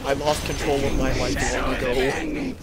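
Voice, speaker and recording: A man's voice: mid-range voice, big pitch swings, measured pace. A young man chatting casually while playing a video game, joking with dry wisecracks. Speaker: gamer. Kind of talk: casual gameplay chat.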